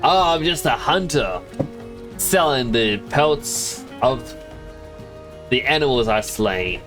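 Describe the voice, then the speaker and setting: Man doing a halting pelt-selling hunter. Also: medium pitch, animated, fairly bright tone, soft background music. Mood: haggling. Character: male hunter role-player selling pelts.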